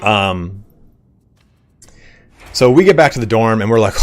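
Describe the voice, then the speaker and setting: A young man, a gaming streamer, telling a story in casual chat, animated and swearing often. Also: lowish voice, measured pace.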